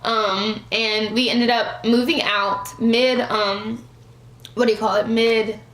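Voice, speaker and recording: A woman in her twenties telling a storytime vlog, animated, calling her viewers y'all. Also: on the high side, slow pace. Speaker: vlogger. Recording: echoey room.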